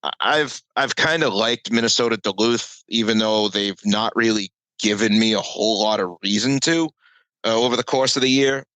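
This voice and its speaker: A man's voice: on the low side, normal speed, no room sound, poor audio. A man co-hosting a casual sports betting chat over a call, talking animatedly and cutting himself off. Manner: animated, self-interrupting, jokey. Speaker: podcast co-host, betting analyst. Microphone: remote call mic.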